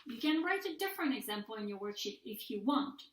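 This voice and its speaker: A woman language teacher records a mini-lecture for her students, explaining step by step and saying each example sentence aloud. Her voice sits a little high. The room around her rings with a noticeable echo. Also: sing-song, quick pace. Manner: patient, methodical, models example sentences aloud. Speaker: French language instructor. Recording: echoey room.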